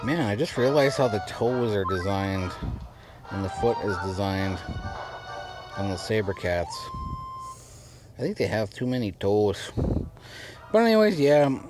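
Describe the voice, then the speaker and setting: A man's voice: fairly low pitch, sing-song, measured pace, long pauses. Rambling man narrating his gameplay. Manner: rambling, repeats and restarts himself. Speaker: let's play commentator. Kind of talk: casual gameplay commentary. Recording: game music audible underneath. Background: game music.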